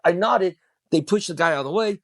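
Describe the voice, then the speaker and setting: A middle-aged man, a podcast guest, telling a personal story in casual talk, swearing freely and acting out what people said in a raised, animated voice. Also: high-pitched, fairly quick, no room sound, clean studio sound. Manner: animated, swears, acts out quoted lines in a raised voice.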